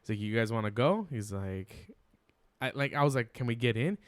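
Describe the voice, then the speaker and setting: बीस-पच्चीस साल का एक आदमी, पॉडकास्ट मेहमान, हँसते हुए अनौपचारिक अंदाज़ में किस्सा सुनाता।. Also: male voice, mid-range voice, normal speed, smooth, no room sound. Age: 20s. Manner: laughs often, lively retelling. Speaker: podcast guest. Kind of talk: casual chat.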